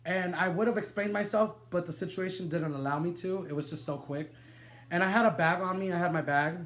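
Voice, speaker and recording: A young man telling a wild personal story to the camera, animated and dramatic, swearing freely and laughing through his digressions. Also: fairly high pitch. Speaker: vlogger. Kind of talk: storytime vlog, casual and profane.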